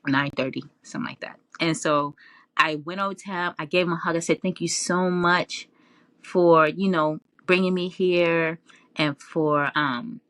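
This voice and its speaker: A woman telling her story as an interview guest in a casual, animated way, often laughing and raising her voice when she quotes herself. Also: lowish voice, measured pace, no room sound. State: tearful at times.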